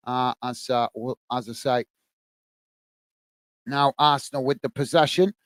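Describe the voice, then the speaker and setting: A man's voice: fairly high pitch, normal speed, a little hiss or hum. A man hosting a live football watch-along, describing play and chatting with viewers, calling them mate. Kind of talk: live match commentary and chat with viewers.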